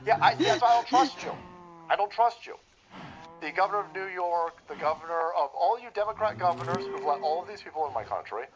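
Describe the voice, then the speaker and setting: A man with a high, swooping voice rants on a livestream, profane and sarcastic, jabbing at every clip he reacts to. The sound is dull and muffled, with a faint hiss underneath. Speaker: stream host. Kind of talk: livestream political commentary.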